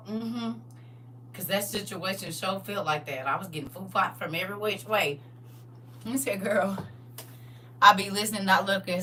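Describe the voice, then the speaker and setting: A woman who is a mother and host of a live show, telling funny stories and testimony in an animated, dramatic way, and laughing often. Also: mid-range voice, distant mic, slight background noise, poor audio. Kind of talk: comedic storytelling testimony.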